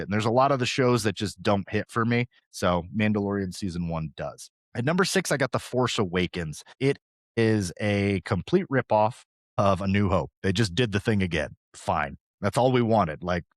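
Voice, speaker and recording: A man in his thirties hosting a podcast, talking casually and fast, with an animated, rambling delivery. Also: fairly low pitch, dry recording, studio quality. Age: 30s. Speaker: podcast host. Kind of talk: casual chat.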